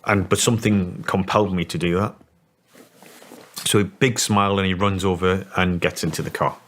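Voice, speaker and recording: A Scottish man in his forties, telling a story in an interview in a halting way, with many restarts. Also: low voice, fairly even intonation, a bit bright. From Scotland. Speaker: interview guest.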